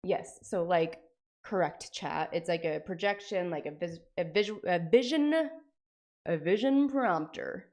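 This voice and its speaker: A woman's voice: fairly low pitch, unhurried, darkish tone. A woman streamer chatting casually with her viewers, rambling and sprinkling in lots of "like" and "frickin'". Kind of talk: casual live-stream chat.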